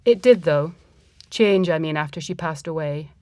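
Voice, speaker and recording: Woman storyteller, reflective reading, lowish voice, dry close sound. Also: dark tone, no echo. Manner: reflective, measured. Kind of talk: first-person story reading.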